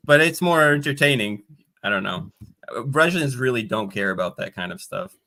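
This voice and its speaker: A man's voice: mid-range voice, lively intonation, moderate pace, vocal fry, bright, forceful tone. A man hosting an open-mic stream and chatting casually, joking with wry asides over a video call. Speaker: stream host. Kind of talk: casual chat.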